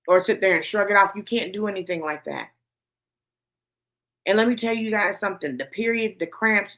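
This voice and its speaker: A woman with a lowish, somewhat bright voice hosts a gossip commentary show. She gives profane, blunt commentary to camera, cursing heavily and repeating points for emphasis.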